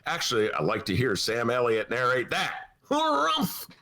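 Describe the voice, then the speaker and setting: A male podcast host in a studio, talking politics casually in a wry, animated way full of asides. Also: medium pitch, fairly quick. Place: radio studio.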